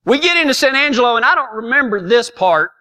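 A man's voice: extremely high pitch, expressive, fast talker, bright, forceful tone. A middle-aged man telling a comic personal story in a folksy, self-mocking way, laughing often. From Texas.

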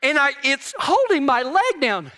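High, bright-voiced storytelling preacher. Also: male voice, very animated, unhurried. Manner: folksy storytelling, jokes with the congregation. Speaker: pastor. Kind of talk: sermon.

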